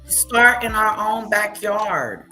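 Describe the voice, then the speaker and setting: A woman's voice: medium pitch, very animated, slow, pushed and bright, soft background music. A woman hosting a reaction stream, scornfully talking back at the clips she plays. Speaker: commentary streamer. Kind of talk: reaction commentary.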